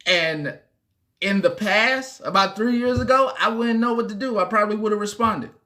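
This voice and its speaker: A man hosting a casual livestream, emphatic and repetitive, sometimes dropping low and soft. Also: normal speed. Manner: emphatic, repeats himself, drops low and soft when reflective. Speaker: livestream host. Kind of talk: casual live-stream chat.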